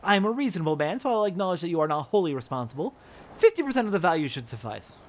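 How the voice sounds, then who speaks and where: A man's voice: on the high side, sing-song, rapid-fire, slight background noise, pitched above the performer's own voice. A man voicing a pompous, greedy male merchant who whines about his losses. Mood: indignant. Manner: pompous, whiny.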